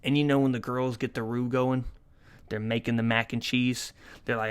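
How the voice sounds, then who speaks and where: A man's voice: mid-range voice, flat delivery, normal speed, smooth. A young man in his twenties talks on his own podcast in a loose, rambling way. He swears freely and tells jokey stories, now and then jumping into sudden bursts of energy. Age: 20s. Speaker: podcast host. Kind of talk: casual solo podcast monologue.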